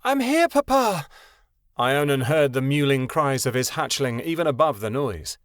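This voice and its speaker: A man narrating a fantasy audiobook in a steady, even storytelling voice. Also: medium pitch, moderate pace, dry recording, clean studio sound. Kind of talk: scripted narration.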